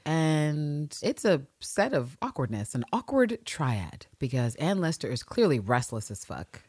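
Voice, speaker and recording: Female podcast co-host with a lowish voice, lively and profane TV-recap delivery, dry sound. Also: a little slow, husky, no echo. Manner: animated, profane storytelling with sudden jumps in pitch. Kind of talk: casual TV recap chat.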